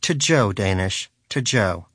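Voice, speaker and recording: A man's voice: on the low side, animated, slow pace, fairly bright tone, slightly rough, no room sound, clean studio sound, full character voice. A man voicing a pious, bitter, hungry male pet rodent with a preachy, indignant manner in an audiobook. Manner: preachy, indignant, self-righteous. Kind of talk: audiobook character voice.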